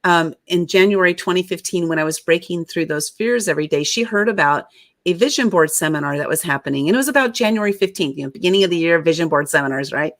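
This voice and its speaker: A woman's voice: fairly low pitch, fast talker, dry recording, studio quality. A woman in her fifties, a guest author, telling stories in an interview over a video call and acting out what people said. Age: 50s. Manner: lively storyteller who acts out quotes. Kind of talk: storytelling interview.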